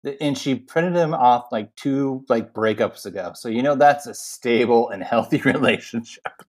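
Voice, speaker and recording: A young adult man co-hosting a podcast, talking in animated tangents full of fillers. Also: medium pitch, normal speed. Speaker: podcast co-host. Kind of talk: casual film recap chat.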